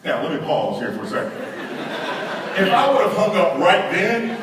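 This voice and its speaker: Male speaker, fairly high voice, lively comic storyteller working a room; distant recording in a large echoey hall. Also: normal speed, background noise. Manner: animated, addresses audience with asides. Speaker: conference speaker. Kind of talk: humorous storytelling to a live audience.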